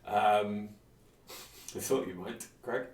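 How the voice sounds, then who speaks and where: A man's voice: lowish voice, takes it slowly. A man chatting casually while streaming a game, rambling and self-deprecating, with many fillers. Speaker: game streamer and dungeon master. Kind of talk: casual let's-play chat. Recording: roomy from mic distance. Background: game music.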